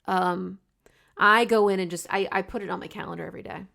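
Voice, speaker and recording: A woman co-hosting a podcast in casual chat, playful and lively, quick to laugh along. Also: mid-range voice, vocal fry. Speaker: podcast co-host.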